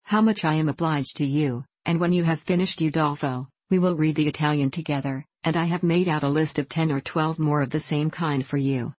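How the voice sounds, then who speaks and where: A gushing young lady from a storybook who heaps extravagant praise on her friends, as a woman reads her aloud. Her voice sits low for a woman and sounds close and dry. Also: steady tone, brisk, few pauses, darkish tone, dry recording. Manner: effusive and gushing. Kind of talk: audiobook character reading.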